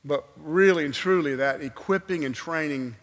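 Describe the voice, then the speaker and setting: A man preaching a sermon, telling a personal story with animated swings from loud exclamations to a hushed altar call. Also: fairly high pitch, moderate pace. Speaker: guest preacher. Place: church sanctuary. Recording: long hall reverb.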